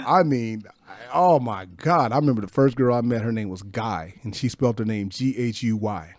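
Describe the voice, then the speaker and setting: A man's voice: mid-range voice, no echo, clean studio sound. Slangy man in his fifties telling stories. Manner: slangy, profane, animated storyteller. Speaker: podcast guest. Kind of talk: casual storytelling. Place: podcast studio.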